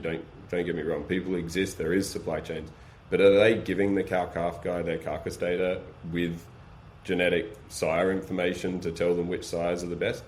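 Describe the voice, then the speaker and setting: Deep-voiced man explaining with energy. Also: a little hiss or hum. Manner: energetic, explains with practical examples and rhetorical questions. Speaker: guest, beef supply chain business. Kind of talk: casual podcast conversation.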